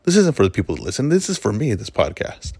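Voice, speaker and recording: A man's voice: fairly low pitch, huge pitch swings, fast, darkish tone, breathy edge, no echo. A man hosting his own podcast, giving an emphatic, opinionated monologue and often correcting himself mid-sentence. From Mexican heritage. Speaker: podcast host. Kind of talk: solo podcast monologue on fights.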